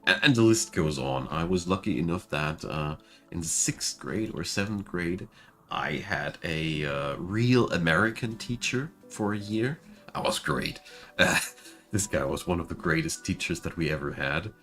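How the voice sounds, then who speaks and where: A man with a German accent talks through his game stream in a casual, chatty way. His voice sits very low. Faint music plays quietly underneath. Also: animated, a little slow. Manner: chatty, laughs at himself. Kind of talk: casual gameplay commentary.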